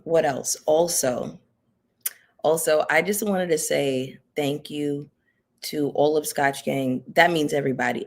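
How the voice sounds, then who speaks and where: Young woman, commentary vlogger, casual chat to camera, heartfelt, rambling with fillers. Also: sits low. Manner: chatty and heartfelt, many fillers. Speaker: reality TV commentary YouTuber.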